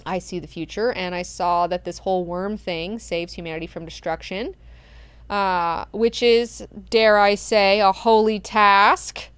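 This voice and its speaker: A woman's voice: mid-range voice, steady tone, unhurried, a bit bright, clear, resonant tone, no echo, close to an everyday voice. A woman doing a slangy, profane god-emperor. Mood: boastful. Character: ancient male god-emperor, blunt and self-important.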